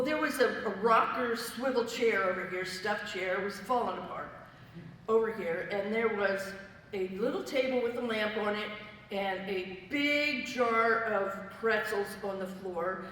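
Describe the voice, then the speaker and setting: Woman, church testimony, chatty detailed storyteller, middle-pitched, distant in a reverberant hall. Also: a bit bright. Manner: conversational storytelling, vivid detail. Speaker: church member giving testimony. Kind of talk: personal testimony to a fellowship gathering. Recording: echoey hall, voice from far off, faint noise.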